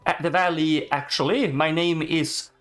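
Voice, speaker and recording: A polite, uncertain young newcomer in a video game, read out by a man. His voice sits a bit high and is delivered slowly. Soft game music plays behind. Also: steady tone. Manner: reads the lines aloud plainly.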